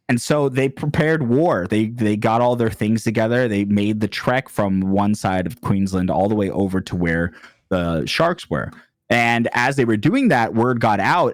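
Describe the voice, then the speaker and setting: A man's voice: on the low side, moderate pace, no echo, studio quality. A man co-hosting a casual podcast, telling a rambling, absurd comedic story and slipping into voices for its characters. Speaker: podcast co-host.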